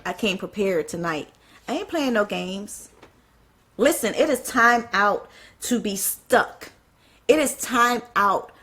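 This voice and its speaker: Passionate, bright-voiced woman preaching. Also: medium pitch, slow pace, breathy edge. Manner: fiery, fires off rhetorical questions, apologizes for getting excited. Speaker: speaker at a church event. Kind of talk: passionate spoken sermon.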